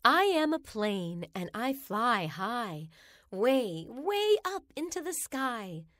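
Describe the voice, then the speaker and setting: A woman reads children's rhymes aloud, slow and sing-song, her fairly high voice rising and falling a great deal. The sound is close and dry, with no room around it. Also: sing-song, a bit bright, no echo.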